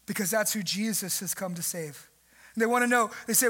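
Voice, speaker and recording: A young pastor preaches a sermon briskly and with animation, leaping suddenly in pitch and loudness for emphasis. He imitates the people in his story as he goes.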